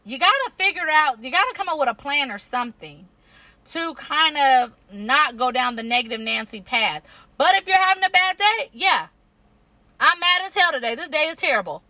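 A woman with a high, bright voice talks frankly in a relaxed chat, teasing her friend. The sound is close and dry, with no room around it. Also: normal speed, no echo. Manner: teasing, blunt, animated. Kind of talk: casual chat.

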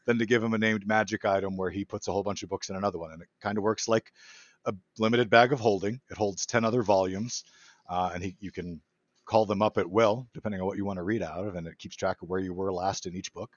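A deep-voiced man explains his design ideas with eager detail and plenty of fillers. His audio is a bit dull and dry, like a remote mic. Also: no echo. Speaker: guest, game designer. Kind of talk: casual explanatory chat.

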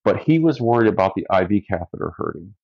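A man's voice: fairly low pitch, fast talker, breathy edge, muffled recording. A man, a firefighter and paramedic, casually telling a story from his job in a dry, amused way. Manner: relaxed, dry storyteller who laughs at his own story.

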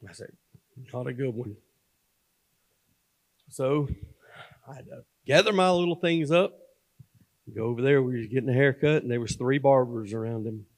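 A man gives a sermon testimony from a church platform in a mid-pitched voice. His folksy delivery swings between loud, emphatic preaching and hushed, confiding asides. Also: moderate pace, long pauses. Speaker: guest speaker at a church. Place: church sanctuary.

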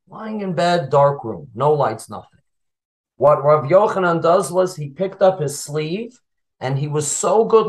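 A man's voice: on the high side, poor audio. A man who teaches Torah, retelling a Talmud story as a lesson and asking his listeners questions as he goes.

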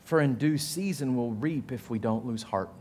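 A man's voice: medium pitch, normal speed, slight background noise. A man with an Australian accent preaching a sermon as a pastor, telling funny family stories and acting out voices as he goes. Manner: animated storytelling, acts out quotes in a raised voice; self-mocking humor, laughs while telling stories.

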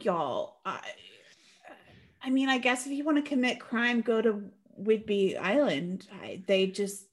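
A woman's voice: on the high side, animated, a little slow. Chatty woman co-host from Washington. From Washington state, US. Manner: chatty, joking asides with many likes. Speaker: podcast co-host. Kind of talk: casual chat.

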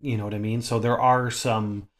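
A man co-hosting a casual gaming podcast, rambling and filling pauses with "um" and "like.". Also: mid-range voice, little pitch movement. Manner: chatty, rambling with many fillers. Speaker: podcast co-host.

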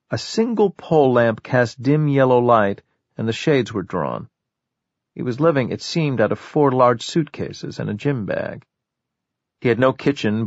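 A man narrating a crime novel audiobook in a measured, even storytelling manner. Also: mid-range voice, gravelly, dry recording, muffled recording. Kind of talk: scripted narration.

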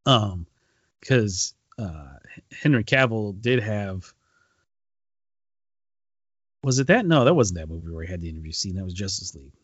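A man's voice: fairly low pitch, animated, fairly quick, a bit bright, breathy edge, dry recording, dull audio. A man co-hosting a podcast, retelling a story in a rambling casual way with lots of ums and restarts. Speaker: podcast co-host. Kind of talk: casual chat.

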